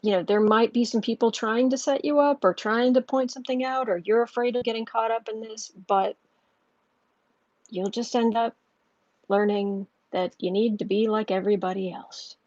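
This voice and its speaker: A woman's voice: on the high side, fairly even intonation, moderate pace, a little mellow, dry recording, highs cut off. A woman talking through a tarot reading in a loose, rambling way, with lots of restarts. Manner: rambling, chatty storytelling with restarts. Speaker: tarot reader. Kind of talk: casual tarot reading monologue.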